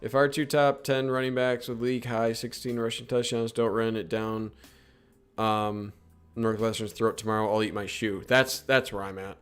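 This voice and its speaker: A young man casually breaking down football film live, reacting with quick exclamations as plays unfold. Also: mid-range voice, level tone, smooth, soft background music. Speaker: podcast co-host.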